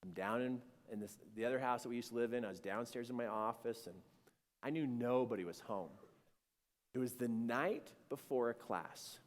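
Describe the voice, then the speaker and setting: A man telling a personal spiritual story, animated and acting out scenes, swinging between hushed and shouting. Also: mid-range voice, moderate pace, in a large hall.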